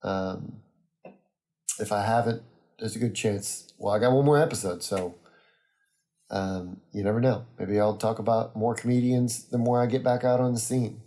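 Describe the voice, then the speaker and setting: Mellow-voiced man hosting a casual podcast. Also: fairly low pitch, steady tone, normal speed. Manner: rambling, easygoing, many ums and uhs. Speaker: podcast host. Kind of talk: casual solo podcast monologue.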